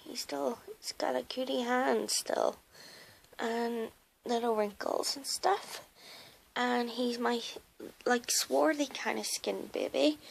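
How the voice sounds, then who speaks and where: A woman's voice: a little high, creaky, poor audio. A woman who is losing her voice, chatting casually and hesitantly, with lots of fillers, as she shows off her doll collection in her home nursery. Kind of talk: casual show-and-tell video.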